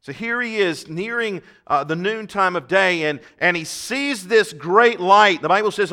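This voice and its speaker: A male preacher giving a sermon, talking emphatically, swelling loud on key points and repeating words. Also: high voice, animated, unhurried, hardly any pauses.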